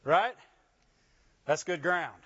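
High-voiced man preaching in repeating rhythms. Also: lively intonation, extremely slow, bright, forceful tone, slightly rough, dull audio. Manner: repetitive, rhythmic preaching with call-outs to the congregation. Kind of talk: sermon.

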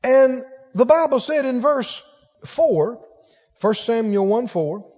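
A man's voice: very high voice, takes it slowly, breathy edge, big-room sound, muffled recording. A man preaching a sermon as pastor, acting out the voices of the people in his stories. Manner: animated preaching, acts out quoted voices.

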